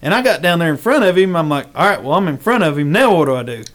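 A man, hosting a casual chat and telling a hunting story in a lively, drawling way. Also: on the high side, fast talker. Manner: animated, rural drawl, says "son".

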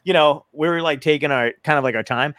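A man's voice: fairly high pitch, fast talker, a bit bright, dry recording. A man from New Jersey hosting a podcast, rambling casually with frequent swearing and restarts. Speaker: podcast host. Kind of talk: casual chat.

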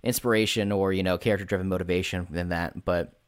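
A man's voice: deep voice, steady tone, fast, clear, resonant tone, dry recording, clean studio sound. A man in casual chat about tabletop role-playing, rambling and swearing freely. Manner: rambling, swears casually, acts out quotes in put-on voices.

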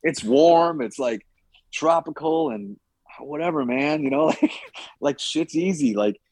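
A man's voice: on the high side, wildly swooping pitch, a little slow, gravelly, darkish tone, no echo. A man who trains fighters, chatting casually on a podcast, rambling and swearing now and then with lots of "like" and "you know".

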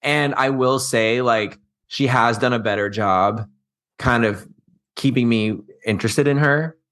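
A man co-hosting a podcast, gossiping about reality television in a campy, animated way. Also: medium pitch, unhurried. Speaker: podcast co-host. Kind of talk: casual chat.

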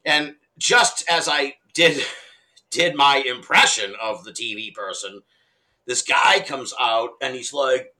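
A middle-aged man telling a story in casual conversation, animated and laughing often, with casual swearing. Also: medium pitch, moderate pace, rough recording. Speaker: podcast guest.

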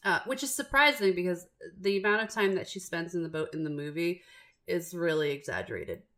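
A woman co-hosting a book podcast, telling stories in animated casual chat and laughing often. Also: on the low side, brisk. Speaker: podcast co-host.

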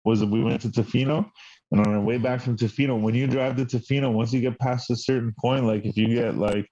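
A man casually telling a long road-trip story, swearing a lot and filling every pause with "like". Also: medium pitch, steady tone, dark tone, muffled recording. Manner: rambling storyteller, heavy swearing and filler words. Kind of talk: casual chat.

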